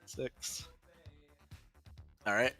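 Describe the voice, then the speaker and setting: A man's voice: extremely slow, pushed and bright, soft background music. A man acting as game master, narrating a tabletop game in an easygoing way and chuckling often as he makes rulings. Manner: chuckling, easygoing rules calls.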